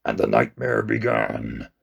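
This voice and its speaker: A man reading aloud and voicing an ancient giant tree monster in a low, slow, grave voice. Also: very animated, gravelly, husky, exaggerated voice. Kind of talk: audiobook reading.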